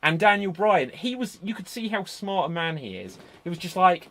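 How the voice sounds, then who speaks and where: A man's voice: high-pitched, lively intonation, moderate pace, hardly any pauses, a bit bright. A man hosting a casual chat, rambling into enthusiastic tangents, speaking into a computer microphone on a remote call. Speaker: podcast host.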